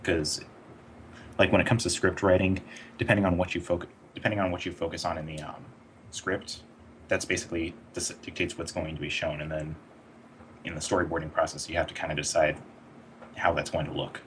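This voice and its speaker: A man with a very low voice talks through his animation work in a relaxed, explanatory way. He pauses on fillers as he thinks. Faint noise sits under his voice. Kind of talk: casual online interview.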